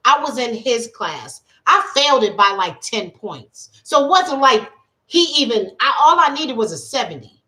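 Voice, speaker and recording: A woman life coach gives a tarot reading on a casual livestream. She talks in an emphatic, colloquial way and repeats her points for weight. Her voice sits slightly high. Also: sing-song, normal speed, bright, forceful tone. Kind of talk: casual livestream talk and storytelling.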